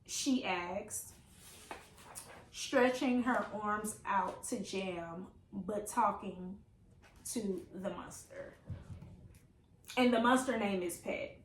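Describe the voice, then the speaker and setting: In an echoey room with faint ambient noise, a book vlogger with a medium-pitched voice chats casually at a slow pace. She's playful and laughing, reading passages aloud and reacting to them.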